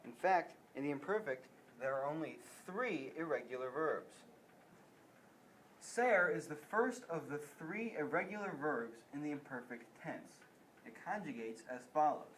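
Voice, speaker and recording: A man's voice: on the high side, animated, measured pace, fairly bright tone, slight background noise, poor audio. Young man reading a Spanish grammar lesson. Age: teenager or young adult. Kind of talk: school lesson presentation.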